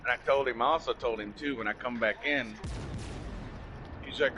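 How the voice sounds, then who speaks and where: Heated and profane, a man tells a story in casual conversation, quoting himself over and over with "I said". He speaks at a medium pitch and moderate pace with long pauses, and there's noise in the background.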